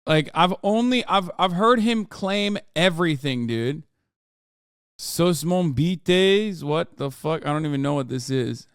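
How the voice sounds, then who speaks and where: Man in his 30s, Turkish native, streamer; sarcastic, animated profane commentary, smooth clear tone. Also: a little high, moderate pace, few pauses, dry recording, clean studio sound. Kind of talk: casual livestream reaction commentary.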